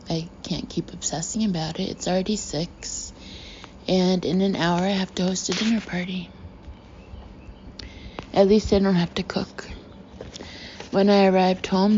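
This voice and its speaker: A woman's voice: mid-range voice, warm tone, slight background noise. Woman narrating a chatty novel. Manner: wry, chatty inner monologue. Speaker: audiobook narrator. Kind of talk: first-person novel narration. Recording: slightly muffled recording.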